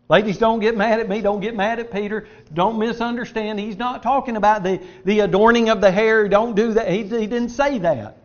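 A middle-aged man delivers an earnest sermon in a fairly high voice, pressing his points with shifts in loudness and pace. The recording sounds dull and lo-fi. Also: steady tone, fairly quick, hardly any pauses. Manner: earnest, emphatic preaching with varied loudness and pace. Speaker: preacher.

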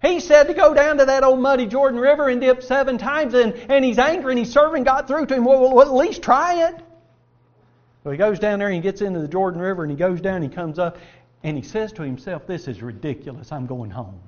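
A man's voice: extremely high pitch, quick pace, highs cut off. A man preaching a sermon and reading scripture aloud, earnest and folksy, asking his listeners rhetorical questions.

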